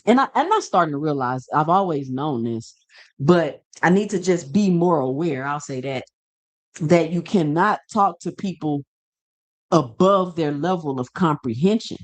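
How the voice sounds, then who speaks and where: A man's voice: on the high side, animated, a little slow. A man hosting a boxing show, ranting casually and emphatically to camera, firing off rhetorical questions and repeating himself. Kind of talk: casual opinion rant to camera.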